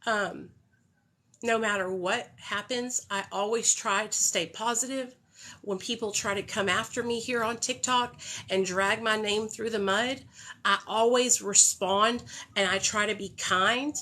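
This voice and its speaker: A woman's voice: medium pitch, steady tone, a little slow, pushed and bright. A young woman hosting a phone livestream, talking in a heartfelt, candid way and swearing freely. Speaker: livestream host. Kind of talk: casual livestream talk.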